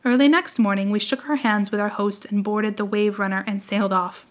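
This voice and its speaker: A woman narrating a storybook tale in a measured, expressive reading voice. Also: mid-range voice. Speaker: audiobook reader.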